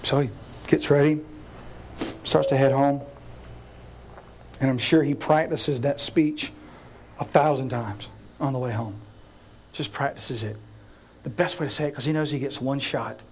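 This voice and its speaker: A man preaching a sermon as pastor, telling a story in an animated way, acting out scenes and speaking straight to his listeners. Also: mid-range voice, unhurried, pauses often, a little hiss or hum.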